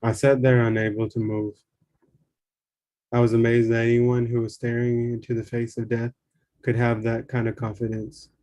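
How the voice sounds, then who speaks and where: A man reading a spiritual memoir aloud in a calm, measured way. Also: mid-range voice. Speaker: reader.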